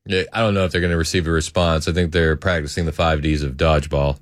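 A man's voice: extremely low pitch, flat delivery, quick pace, hardly any pauses, no room sound, clean studio sound. A man, hosting a talk radio show in a chatty, joking way with frequent laughter.

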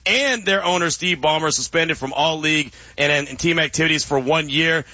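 A man's voice: fairly high pitch, normal speed, bright, forceful tone, no echo. A man hosting a sports radio show, bantering casually in a playful, teasing way and laughing often. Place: radio studio. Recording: dull, dry studio radio audio.

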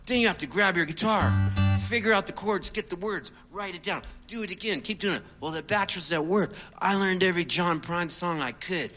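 A middle-aged man, a singer-songwriter, telling a rambling comic story to an audience in a conversational, animated way. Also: high-pitched, brisk, soft background music.

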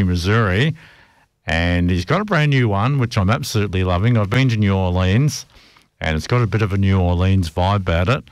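A man's voice: on the low side, no room sound, clean studio sound. A middle-aged man hosting a music radio show, chatting casually and grumbling jokily between tracks. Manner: chatty, rambling, jokey grumbling.

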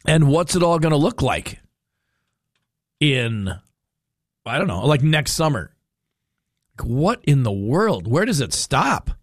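A man's voice: on the high side, big pitch swings, slow pace, long pauses, no echo, clean studio sound. A man hosting talk radio, rambling and incredulous as he thinks aloud. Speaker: radio host.

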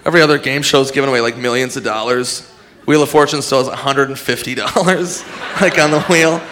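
A man's voice: medium pitch, a little fast, slight background noise. A man doing a stand-up comedy set, profane, acting out characters along the way. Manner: animated, profane, acts out characters.

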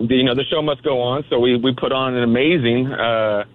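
A man's voice: medium pitch, steady tone. Easygoing man on a tinny phone line. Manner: easygoing, halting storyteller with many fillers. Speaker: caller. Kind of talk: phone call to a radio show.

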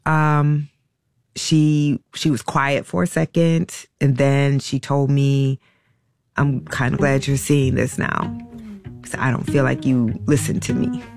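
A middle-aged woman telling a personal story in a halting, emotional way, with many restarts and fillers. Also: a bass voice, level tone, creaky, darkish tone, dry recording, soft background music. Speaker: interview guest.

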